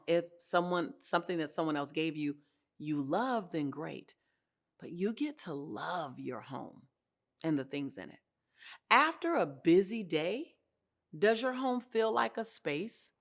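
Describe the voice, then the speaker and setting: Woman, motivational host, expressive, animated, laughs often, talk to camera, indoor set. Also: fairly low pitch.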